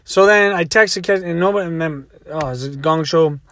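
High-voiced man telling a rambling story. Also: a little fast, fairly bright tone, dry recording. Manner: rambling, acts out quotes. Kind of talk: casual storytelling.

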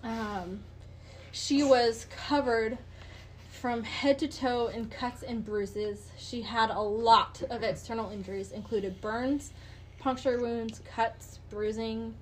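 A woman narrates a true-crime case for her podcast friends in a relaxed, conversational way. Her voice sits a little high. She drops swear words and fillers as she goes. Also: slow pace, slight background noise, rough recording. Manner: chatty, swears, frequent "like" and "um". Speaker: podcast host. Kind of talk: casual true-crime storytelling.

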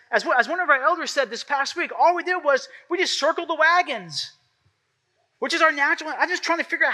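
A male pastor delivers a sermon in a high, piercingly bright voice. He preaches conversationally rather than formally, slipping into the voices of the people he quotes. The tone stays sharp and forward throughout.

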